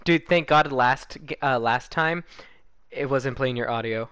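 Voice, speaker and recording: A man's voice: medium pitch, a little slow, bright, forceful tone, clear, resonant tone, dry recording. A young man streaming a shooter game, chatting casually and joking with his friends. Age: young adult. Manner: joking, relaying what friends say. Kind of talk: casual chat while gaming.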